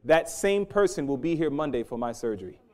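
A middle-aged man preaching a sermon, swinging from loud emphasis to hushed, intense storytelling. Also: fairly high pitch, animated, fairly quick.

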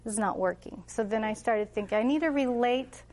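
Animated storytelling mother, high voice. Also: brisk. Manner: animated, acts out dialogue with her children. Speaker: homeschooling mother giving a talk. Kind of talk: casual storytelling talk.

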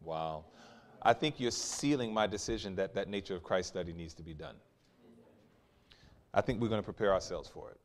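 Lively preacher man in full flow. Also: deep voice, moderate pace, long pauses. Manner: questions the congregation and waits for replies; swings between quiet asides and loud emphatic climaxes. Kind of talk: sermon.

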